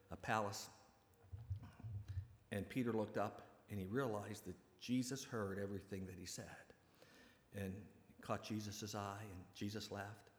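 A man preaching a sermon and retelling a story in a conversational, animated way. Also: lowish voice. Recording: echoey hall with long reverb.

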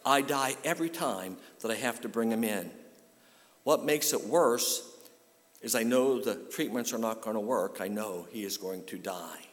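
A man's voice: lowish voice, normal speed, close to an everyday voice. A male preacher voicing a grieving mother of a sick boy, bitter and despairing, as part of his sermon. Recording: long hall reverb.

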